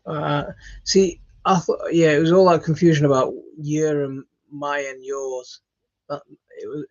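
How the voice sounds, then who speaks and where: A man's voice: medium pitch, highs cut off. A tired man hosting a live stream, chatting casually and hesitantly with many ums and restarts while he answers viewer comments.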